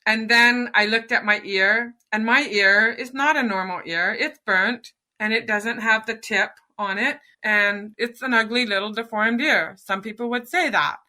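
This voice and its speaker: Middle-aged woman guest, really bright clear voice, tells her story earnestly, acts out what she said to herself. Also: a little high, unhurried, hardly any pauses. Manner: earnest, animated storytelling with quoted inner dialogue. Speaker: podcast guest. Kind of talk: personal storytelling interview.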